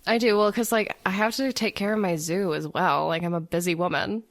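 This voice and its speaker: A woman co-hosting a comedy podcast, riffing excitably in improvised chat. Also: fairly low pitch, brisk, dry recording. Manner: excitable, riffing, laughs often. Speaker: podcast co-host.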